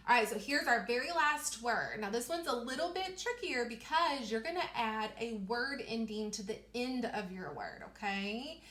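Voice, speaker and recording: A young woman teaching a reading lesson to young children, slowly stretching out letter sounds and praising them often. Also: fairly high pitch, lively intonation, fairly bright tone. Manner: encouraging, repeats words for children. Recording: echoey room.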